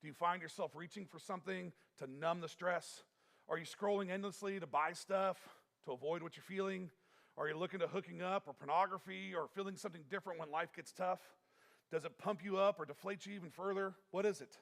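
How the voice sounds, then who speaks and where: A man's voice: high voice, a little fast, creaky, a bit bright. A man preaching a sermon as pastor, earnest and emphatic, often repeating himself and restarting phrases.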